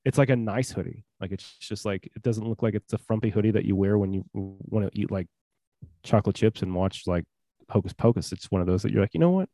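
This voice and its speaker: Chatty young man, mellow low voice. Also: fairly even intonation, fast, no echo. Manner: chatty, jokey, rambling with many fillers. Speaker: podcast co-host. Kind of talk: casual chat.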